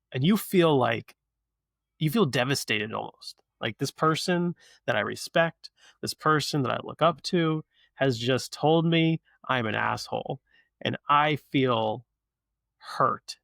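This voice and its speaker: Man, podcast host, gravelly voice, reflective chat, dry sound. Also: a little high, measured pace, a bit bright, no echo.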